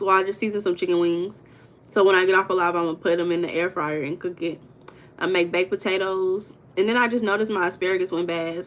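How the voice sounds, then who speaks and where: A young woman hosting a casual livestream, chatting with viewers, greeting them by name and telling stories with lively emphasis. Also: on the low side, slight background noise. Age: young adult. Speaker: livestream host.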